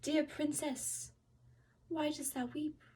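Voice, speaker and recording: A woman's voice: high voice, steady tone, takes it slowly, dark tone, voice pushed up. A woman voicing a polite male frog who speaks in formal, old-fashioned words. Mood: courtly.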